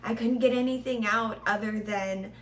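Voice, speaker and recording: A young woman co-hosting a podcast, telling a personal story earnestly in short, halting phrases. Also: fairly high pitch, steady tone. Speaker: podcast co-host. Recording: distant mic in an echoey room, faint hum.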